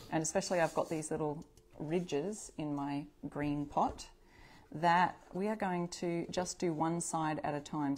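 A woman's voice: deep voice, a little mellow, a little hiss or hum. A woman hosting a live upcycling stream from home, chatting to viewers, reading out their comments and correcting herself as she works. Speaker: craft livestream host. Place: home craft space.

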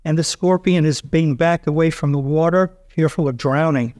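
A man's voice: on the high side, moderate pace, darkish tone. A man giving a mock-grandiose, theatrical debate speech at a church event. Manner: theatrical, pompous orator.

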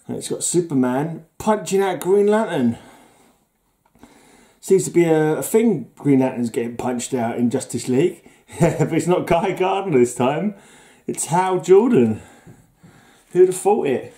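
A man's voice: fairly high pitch, measured pace, warm tone. A man hosting a casual vlog about his comic book collection, chatty and easily amused, who chuckles often as he talks.

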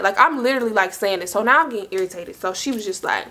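Bright-voiced young woman telling a story. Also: medium pitch, quick pace, hardly any pauses. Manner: animated, acts out quoted dialogue, talks to viewers directly. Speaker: storytime vlogger. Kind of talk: casual storytelling.

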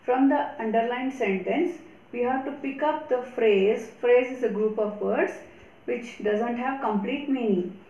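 A woman with a slightly high voice works through grammar exercises as a teacher, spelling out and repeating each answer with careful emphasis. The recording has a roomy echo around her. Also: warm tone, lo-fi sound. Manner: slow, deliberate explanations with repetition. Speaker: English teacher. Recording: echoey room.

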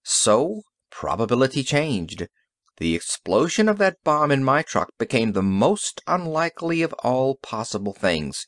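A calm, confident inventor, read by a man who talks briskly and matter-of-factly, his pitch moving a lot. Recorded close and dry, audiobook style. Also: no room sound. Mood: explaining. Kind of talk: audiobook character reading.

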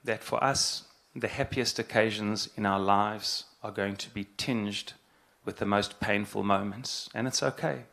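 Gravelly low-voiced middle-aged rabbi. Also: male voice, fairly even intonation, a bit bright. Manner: earnest, halting, repeats phrases for emphasis. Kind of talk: reflective spoken address.

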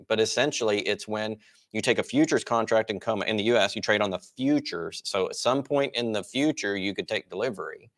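A man's voice: lowish voice, fairly quick. A man hosting a market report, explaining charts in a casual, explanatory way. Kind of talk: financial market commentary.

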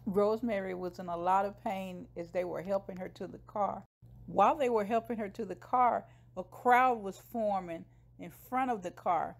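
Slow, gravelly woman recapping an episode. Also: mid-range voice, a little mellow. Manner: retells scenes, briefly acting out the quotes. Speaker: show recapper.

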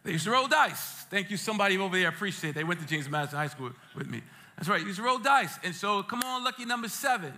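A male pastor from Brooklyn, preaching a sermon in a church with lively jokes and streetwise asides. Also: sits high, fast talker, a little hiss or hum. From Brooklyn, New York. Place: church sanctuary.

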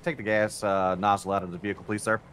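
A man roleplaying a police officer in a game, speaking haltingly with many fillers. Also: lowish voice, little pitch movement, a bit bright, a little hiss or hum. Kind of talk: in-character roleplay.

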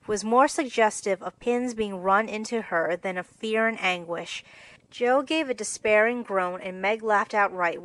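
A woman narrating a classic storybook in a clear, expressive reading. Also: medium pitch, dry recording, poor audio.

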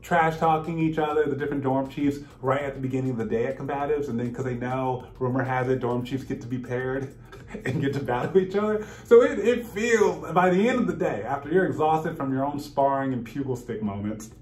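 A man's voice: mid-range voice, fairly quick, reverberant. A man vlogging casually, telling a story with laughter and acting out what people said. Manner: animated, laughing, acts out quotes.

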